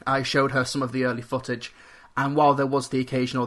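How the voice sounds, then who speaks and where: A man's voice: medium pitch, flat delivery, quick pace, a bit bright. A man hosting his own podcast, talking earnestly and catching and correcting himself as he tries to avoid filler words. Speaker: podcast host. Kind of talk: solo podcast talk. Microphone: home computer microphone.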